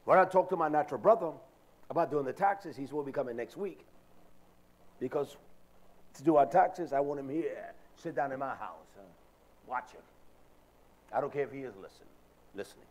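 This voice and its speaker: An older man preaching a sermon, animated and acting out the voices of people he quotes. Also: mid-range voice, normal speed, long pauses.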